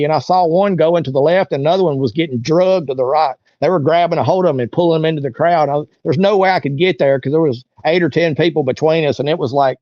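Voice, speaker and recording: As an interview guest, a man with a voice on the high side and a slightly mellow tone tells a casual story and acts out what people said. The lo-fi recording is dull and dry, with no echo.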